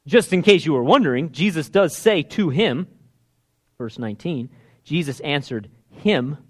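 A male preacher delivers a sermon with a lively, animated voice that sits a little high. He acts out the desperate pleas in the scripture, sinking to a near-whisper and then rising again.

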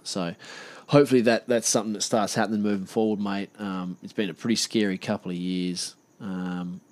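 Relaxed man, lowish voice. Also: fairly quick, few pauses. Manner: relaxed, chatty, says mate often. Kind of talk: casual conversation.

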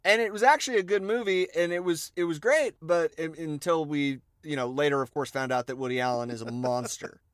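A man's voice: on the high side, a little fast, hardly any pauses, smooth, dry recording. A man co-hosting a podcast in casual banter, with dry, mock-serious jokes. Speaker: podcast co-host.

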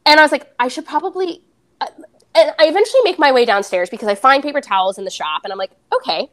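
A woman's voice: high voice, animated, fast talker, fairly bright tone. A young adult woman, a podcast guest, candidly retelling a personal story and acting out the dialogue.

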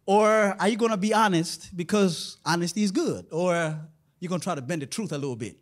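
A man's voice: sits high, brisk. A man preaching a sermon in a conversational way, often putting rhetorical questions to his listeners.

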